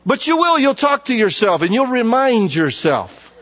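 A middle-aged man preaching a sermon with humor, acting out conversations with himself in an animated way. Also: extremely high pitch, moderate pace, hardly any pauses, lo-fi sound. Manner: animated, humorous, acts out inner dialogue. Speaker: pastor.

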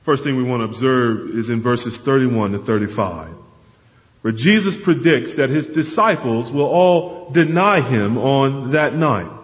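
A man's voice: medium pitch, animated, unhurried. A man preaching a sermon, earnest and emphatic, often repeating words as he stresses a point. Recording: dull lo-fi sound with long hall reverb.

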